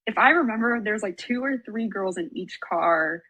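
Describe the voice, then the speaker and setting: A woman's voice: medium pitch, normal speed, husky, poor audio. A young woman, a former college soccer player, tells a story on a casual podcast, swearing freely and acting out the voices of others. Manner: animated, swearing, acts out quoted voices, frequent "like".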